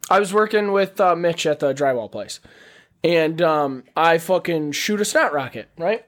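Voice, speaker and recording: A man's voice: fairly high pitch, moderate pace. A man casually telling crude stories and ribbing his friends on a podcast. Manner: crude, storytelling, animated. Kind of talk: casual chat.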